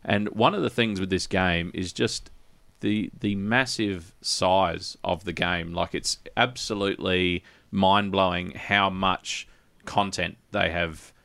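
A man's voice: low voice, fairly even intonation, slow, creaky, hardly any pauses, a bit bright, no echo. A man hosting a casual gaming podcast, rambling with many restarts and fillers. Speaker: podcast host. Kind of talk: casual chat.

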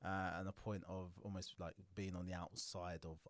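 A man's voice: deep voice, normal speed, no room sound. A man in his thirties with an Essex accent, a guest comedian telling stories in casual podcast chat and acting out quotes. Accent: Essex English. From Essex, England. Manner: animated storytelling with acted quotes.

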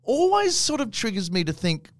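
A man's voice: sits high, huge pitch swings, normal speed, no room sound. Dry, wry Australian man, close studio mic. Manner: dry, riffing, wry asides. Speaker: guest comedian. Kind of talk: casual comedic chat.

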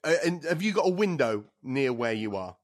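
A man's voice: mid-range voice, sing-song, moderate pace. A man hosting a podcast, introducing the episode in a chatty, upbeat way. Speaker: podcast host.

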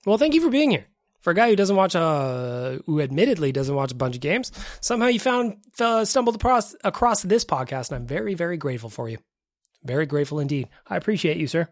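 A man's voice: on the high side, big pitch swings, fast talker, no echo, studio quality. A man hosting a casual podcast, reacting to listener voicemails with laughter, swearing, and effusive thanks. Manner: profane, laughing, effusively grateful. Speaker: podcast host.

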